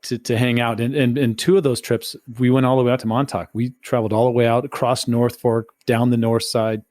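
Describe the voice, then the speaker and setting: A man's voice: medium pitch, level tone, a little fast, a little mellow, no room sound. Jokey male podcast host, dry sound. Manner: friendly, jokey, stammers on restarts. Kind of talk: casual interview.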